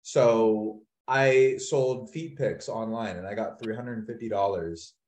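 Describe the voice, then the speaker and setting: A young adult man co-hosting a casual podcast, telling stories and acting out quotes with soft, trailing asides. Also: on the low side, slow. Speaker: podcast host. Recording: echoey room.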